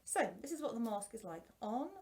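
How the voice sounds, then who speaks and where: With a warm, expressive voice on the high side, a woman who teaches singing chats fairly quickly about a product she's reviewing. Her face mask muffles her slightly, and she keeps restarting and putting herself down in good humor.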